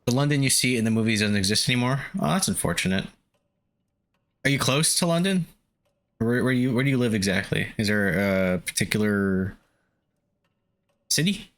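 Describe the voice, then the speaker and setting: Laid-back low-voiced streamer guy. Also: expressive, moderate pace, pauses often, fairly bright tone. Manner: laid-back, swears, laughs a lot. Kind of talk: casual gameplay chat with viewers.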